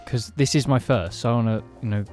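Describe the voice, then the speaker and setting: A man's voice: medium pitch, fast, a little mellow, faint music behind. Male co-host, mid voice, earnest and easygoing. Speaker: podcast co-host. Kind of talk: casual chat.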